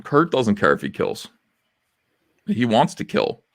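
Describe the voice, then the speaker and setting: Low, lively sarcastic man. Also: unhurried, creaky, no echo, studio quality. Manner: sarcastic, swings between mutter and outburst. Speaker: livestream host. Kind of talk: casual chat, reading posts aloud.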